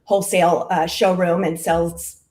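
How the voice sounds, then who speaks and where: A woman's voice: lowish voice, flat delivery, moderate pace, a little mellow, slight background noise. A middle-aged woman, a direct-sales clothing stylist, chatting casually in an interview with lots of fillers. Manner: chatty and friendly, with frequent fillers. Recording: roomy echo.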